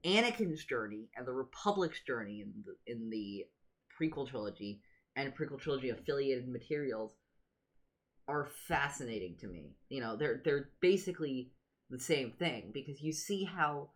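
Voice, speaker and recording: Animated woman podcast co-host. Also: very deep voice, normal speed. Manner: animated, jokey, quotes lines in put-on voices. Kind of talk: casual podcast discussion.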